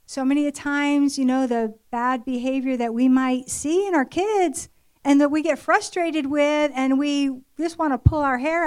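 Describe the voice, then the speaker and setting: An older woman shares a personal story from the pulpit in an earnest, confessional sermon style. Her voice sits a little high and her talk stays loose and conversational, full of little fillers as she recounts home life. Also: measured pace, darkish tone. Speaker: church speaker.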